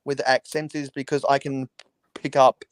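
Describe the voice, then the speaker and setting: A man chatting casually on a livestream, measured and halting, often restarting mid-phrase. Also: mid-range voice, little pitch movement, dry recording. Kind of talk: casual chat.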